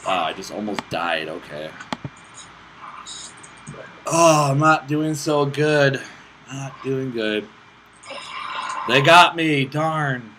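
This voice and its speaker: A man's voice: mid-range voice, animated, slow, long pauses. A man giving casual gameplay commentary as host of his gaming channel, frustrated and cursing at the game. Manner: frustrated, swearing and muttering at the game. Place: hot room at home. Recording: noisy home recording with clicks.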